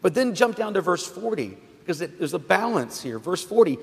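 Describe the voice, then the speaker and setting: A man's voice: a little high, big pitch swings, fairly quick. A man preaching a sermon as pastor, emphatic and conversational, often restarting his phrases. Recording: long hall reverb.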